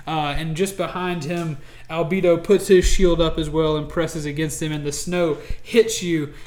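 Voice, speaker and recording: A man's voice: a little high, steady tone, moderate pace, a little mellow. A man narrating a tabletop game as game master, rambling with many fillers and restarts.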